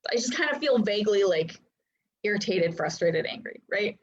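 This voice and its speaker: Animated and at a moderate pace, a woman in her thirties with a medium-pitched voice teaches human design on a video call from home. The lesson is casual, chatty and filler-heavy, with lots of laughing. The sound is lo-fi.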